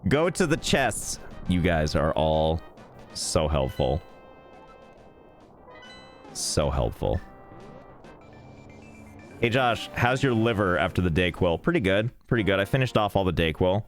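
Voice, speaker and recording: Brief: male game streamer, lower voice with a lively, bouncing delivery, jokey and irreverent over faint game music. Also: a little slow, pauses often. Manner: joking, rambling, irreverent, swears freely. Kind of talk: casual live-stream banter while gaming.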